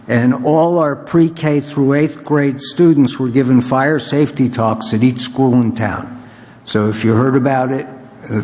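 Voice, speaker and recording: A man council member giving a fire department report, halting with fillers. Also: medium pitch, a little mellow. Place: borough council chamber. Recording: echoey chamber with faint noise.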